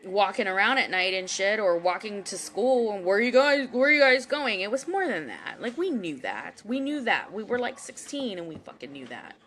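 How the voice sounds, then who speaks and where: A woman's voice: mid-range voice, big pitch swings, normal speed, few pauses, a bit bright. Heated, profane young woman ranting. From Houston, Texas. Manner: heated, profane, rambling with many fillers and restarts. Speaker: psychic reader and commentator. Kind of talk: casual live-stream monologue. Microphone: webcam or phone microphone.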